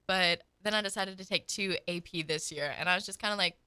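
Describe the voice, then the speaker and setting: A teenage woman with a Southern American accent, co-hosting a radio chat, chatty and quick to laugh. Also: lowish voice, sharp tone, clean tone, no room sound. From Southern United States. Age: late teens. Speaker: radio co-host. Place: radio studio.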